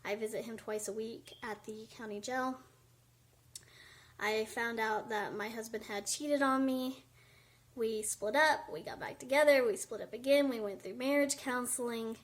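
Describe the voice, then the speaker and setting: A woman's voice: on the high side, normal speed. Chatty woman, slightly breathless. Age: 20s. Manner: chatty, candid, many fillers. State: a little out of breath. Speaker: vlogger. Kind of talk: casual talking-head vlog. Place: indoors by a window at home.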